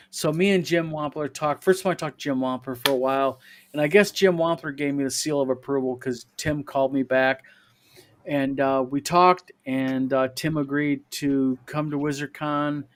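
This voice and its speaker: A man co-hosts a relaxed panel chat, reading out viewer questions before drifting into a long story of his own. He rambles, leans on fillers, and chuckles as he goes, his voice sitting at an ordinary middle pitch. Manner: rambling, many fillers, chuckles while telling stories. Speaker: podcast co-host reading viewer mail.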